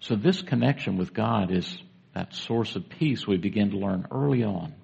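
A man preaching to his congregation with a low, gravelly voice that turns husky at the edges. He talks conversationally and keeps asking the listeners questions. The recording sounds dull and lo-fi. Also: animated, normal speed, a little mellow. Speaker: pastor. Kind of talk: sermon. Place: church sanctuary with congregation.

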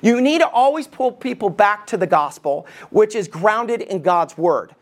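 Animated preaching man, rhetorical questions. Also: sits high, moderate pace. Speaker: lead pastor. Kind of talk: sermon.

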